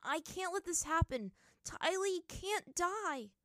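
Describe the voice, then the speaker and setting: A woman voicing a desperate young boy hero, earnest and pleading, with high, tearful shouts. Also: very animated, takes it slowly, no room sound, clean studio sound, heavily acted.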